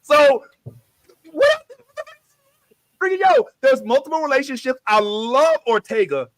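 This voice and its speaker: A man co-hosts a casual pop-culture podcast, joking around in slangy talk. His voice sits very high and swings around animatedly. The sound is dry and close, with no room around it. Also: very animated, unhurried, dry recording, poor audio. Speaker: podcast co-host.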